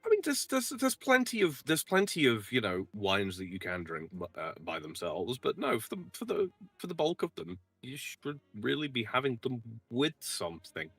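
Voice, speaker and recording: A man's voice: medium pitch, huge pitch swings, normal speed, hardly any pauses, a bit bright, husky, no echo, faint music behind. Wry man who stammers on his starts. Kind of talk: casual chat on a live stream.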